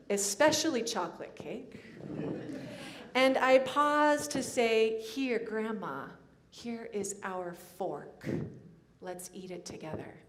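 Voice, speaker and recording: A woman minister preaches at an unhurried, deliberate pace. Her voice sits at an ordinary middle pitch. She tells a personal story reflectively, letting soft pauses settle between phrases. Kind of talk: sermon storytelling.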